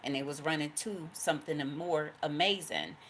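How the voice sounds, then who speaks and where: A woman's voice: deep voice, normal speed, a bit bright, a little hiss or hum. A woman giving a casual spoken tarot reading, profane and full of stories, acting out the voices she quotes and laughing often. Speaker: tarot card reader.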